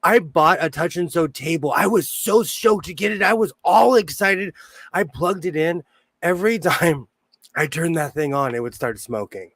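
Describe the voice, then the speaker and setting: A man's voice: fairly high pitch, normal speed, a bit bright, no echo. A man hosting a sewing livestream in casual chat, jokey and laughing often as he greets viewers.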